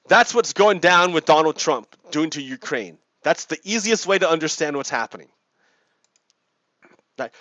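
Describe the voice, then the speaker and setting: A man with a fairly high, pushed and bright voice and lively intonation speaks at normal speed, free of echo. Playing a game on his video, he reads and explains politics casually, chuckling and circling back to repeat himself, recorded on a dry, dull lo-fi mic.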